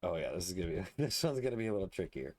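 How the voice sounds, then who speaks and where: A man's voice: deep voice, sing-song, rapid-fire, darkish tone. A man casually commenting on his gameplay, muttering and thinking aloud as he builds. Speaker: let's play host.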